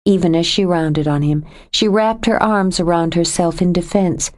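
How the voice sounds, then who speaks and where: A woman reading a novel aloud as an audiobook narrator, in measured, even storytelling. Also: on the low side. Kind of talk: scripted narration.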